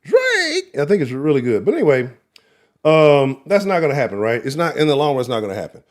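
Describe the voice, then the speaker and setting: A man's voice: mid-range voice, expressive, fast talker, darkish tone. A man with a Texan accent hosting a live sports talk stream, rambling and profane, laughing often and talking to the chat. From Texas. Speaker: sports show host.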